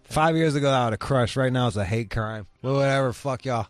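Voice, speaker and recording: A man's voice: medium pitch, a little fast, no room sound, faint music behind. A man hosting a radio show, bantering crudely in a brash, profane, needling way.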